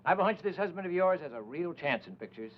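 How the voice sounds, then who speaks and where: An actor playing a courteous, persuasive talent scout. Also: male voice, on the high side, animated, fast. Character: smooth talent scout, businesslike. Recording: dull old film soundtrack.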